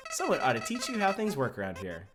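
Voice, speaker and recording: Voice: mid-range voice, huge pitch swings, fast talker. Streamer putting on Flowey, a chirpy sly flower. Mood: sweet folksy. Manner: syrupy friendly, turns mocking. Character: cheery sly flower creature, childlike. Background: video game music.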